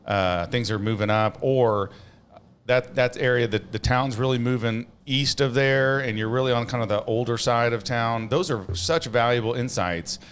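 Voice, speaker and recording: A man's voice: medium pitch, normal speed, a little hiss or hum. A man co-hosting a casual podcast chat, explaining things steadily with frequent "uh" fillers. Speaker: co-host.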